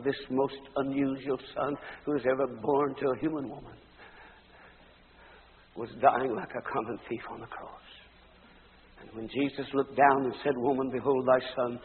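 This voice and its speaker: A man preaching a dramatic sermon, surging to loud emphatic peaks and dropping to hushed tones. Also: mid-range voice, fairly even intonation, moderate pace, big-room sound, narrow, tinny audio, slight background noise.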